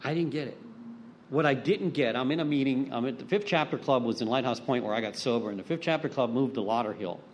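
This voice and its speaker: A middle-aged man speaking at a recovery meeting, telling blunt stories with some swearing. His voice sits at an ordinary middle pitch. Faint noise runs under his speech. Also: fast talker. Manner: blunt, profane storytelling; acts out quoted voices. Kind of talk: personal recovery talk.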